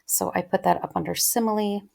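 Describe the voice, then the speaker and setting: A woman's voice: mid-range voice, fairly even intonation, a little fast, gravelly, a little mellow. A woman teaching literature in a casual close-reading lecture, chatting and thinking aloud with many ums.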